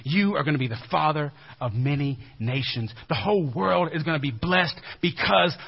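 A man's voice: on the high side, lively intonation, normal speed, vocal fry, husky, big-room sound, heavily acted. A man preaching voices God as a casual, friendly male figure announcing a plan. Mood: upbeat. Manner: laid-back, chummy. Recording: dull lo-fi recording.

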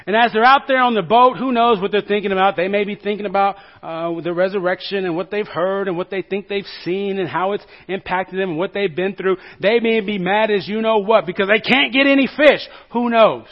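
A man preaching a sermon, retelling a Bible story with jokes and acted-out quotes, his voice swinging between loud and soft. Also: high voice, lo-fi sound. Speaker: pastor.

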